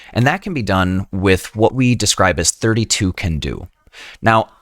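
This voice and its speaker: A low-voiced man lectures as an EMS instructor. His delivery is casual and conversational, full of self-corrections and "right?" tags. The recording is close and dry, with no room sound. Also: a bit bright, no echo.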